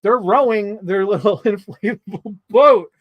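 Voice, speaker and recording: A man giving a casual movie review, excitable, laughing often and swearing freely. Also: sits high, a little slow, dry recording, highs cut off.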